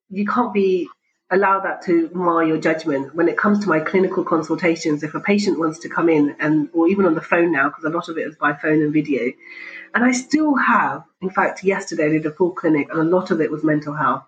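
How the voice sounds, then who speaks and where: A woman working as a family doctor, talking in a jovial, animated way in an interview and laughing often. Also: lowish voice, fairly quick, highs cut off. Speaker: GP, interview guest. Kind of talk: conversational interview.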